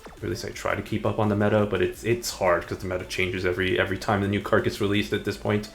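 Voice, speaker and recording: A man's voice: fairly low pitch, level tone, fast, gravelly, faint music behind. A man streaming a game live, chatting casually, rambling and muttering to himself between chuckles. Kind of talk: casual live gameplay chat.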